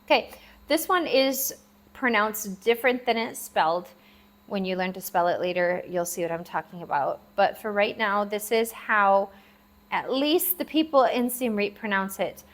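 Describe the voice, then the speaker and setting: Woman, language teacher, patient, slow careful repetition, spells words out, mid-pitched voice. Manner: patient, repeats words slowly and spells them out. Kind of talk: classroom-style language lesson. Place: lives abroad in Southeast Asia.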